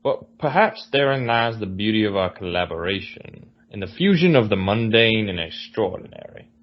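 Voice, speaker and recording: A man voicing a florid, pompous Southern gentleman with a put-on genteel drawl, reading in a grandiloquent theatrical way. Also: lowish voice, animated, normal speed, highs cut off, lightly acted.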